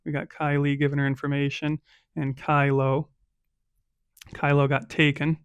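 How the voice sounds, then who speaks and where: A man's voice: on the high side, completely flat delivery, normal speed, clean tone, dry recording, highs cut off. A man narrating a solo tabletop game as game master, casual and chatty, often checking in with "right?".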